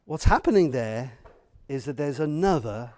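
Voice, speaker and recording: A man's voice: medium pitch, expressive, moderate pace, dark tone. A man preaching a sermon in a church, earnest, building with repeated phrases and asking the congregation direct questions.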